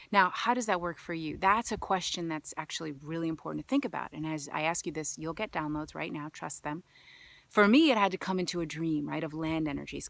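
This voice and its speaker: A woman speaks straight to her viewers in a relaxed self-help monologue. Her voice sits low and has a gravelly fry. She tells her story with big swings, from hushed asides to loud, emphatic lines. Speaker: healer and vlog host.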